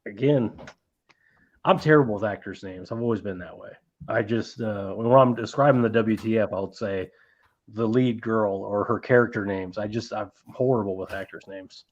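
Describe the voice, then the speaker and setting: A man's voice: fairly low pitch, moderate pace. A man hosting a casual movie-collecting live stream, rambling, swearing freely and reading out chat messages. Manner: rambling, profane, reads chat aloud. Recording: dull lo-fi stream audio.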